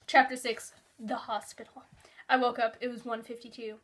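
A woman's voice: on the high side, fairly quick, fairly bright tone. A young woman vlogger reading her childhood story aloud, giggling and breaking into sudden exaggerated outbursts.

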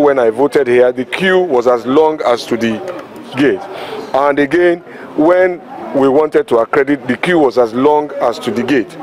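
A Nigerian governor speaking to reporters outdoors at a polling station, measured and careful, often hedging and repeating words for stress. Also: male voice, medium pitch, darkish tone. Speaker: state governor. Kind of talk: press remarks to reporters.

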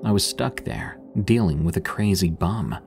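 A deep, low-pitched man reads a true scary story aloud in the first person, building tension through a dramatic delivery. Soft music hums faintly beneath his voice. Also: animated, normal speed, vocal fry. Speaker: horror story narrator. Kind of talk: scripted first-person horror narration. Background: faint background music.

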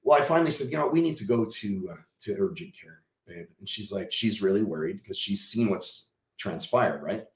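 A man from Texas tells his own story as a podcast guest. His voice sits on the lower side, and he talks in an animated way, acting out the lines of other people and swearing now and then. The room gives the sound a clear echo. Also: normal speed. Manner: animated, swears casually, acts out quotes. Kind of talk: personal storytelling in an interview.

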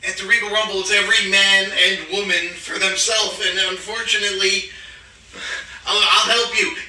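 A man's voice: sits high, little pitch movement, normal speed, sharp tone. A man in a hammy wrestling skit, scheming and pleading as he laughs. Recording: roomy, distant, noisy home recording.

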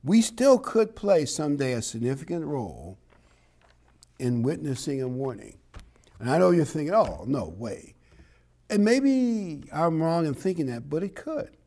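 A man's voice: on the high side, sing-song, moderate pace, dark tone. A man preaching a sermon in a conversational, encouraging way, telling a parable and chuckling now and then.

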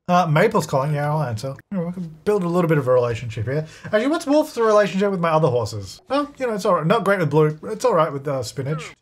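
A man's voice: on the high side, big pitch swings, fast, hardly any pauses, slightly rough. A man giving casual let's-play commentary, chatty and narrating his own moves, laughing often. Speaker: gaming video creator.

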